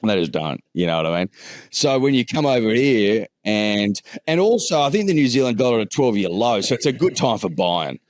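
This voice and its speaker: Australian male podcast co-host, rambling jokey delivery with a swooping pitch, dry close sound. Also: big pitch swings, brisk, no echo. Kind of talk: casual chat.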